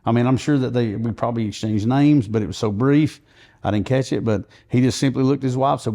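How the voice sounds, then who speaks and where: A man's voice: medium pitch, fairly quick, dark tone. A man, a podcast guest, earnestly recounting events at length in conversational storytelling.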